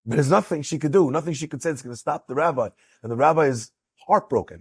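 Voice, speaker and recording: Male rabbi storyteller, husky, dry close sound, animated delivery. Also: mid-range voice, no echo. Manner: animated, acts out quotes with rising excitement. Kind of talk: storytelling lecture.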